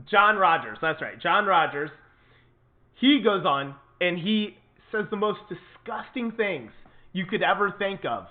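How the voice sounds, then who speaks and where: A man hosts his own political commentary show with an indignant, emphatic delivery, hammering points home by saying them twice. His voice sits fairly high. The sound is thin and tinny, as if it came over a phone line. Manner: indignant, emphatic, repeats for stress.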